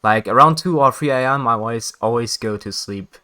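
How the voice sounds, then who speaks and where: A man's voice: mid-range voice, a little fast, sharp tone. A man streaming a video game, chatting casually with viewers, often laughing and correcting himself. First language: German. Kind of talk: casual game stream chat, reading dialogue aloud.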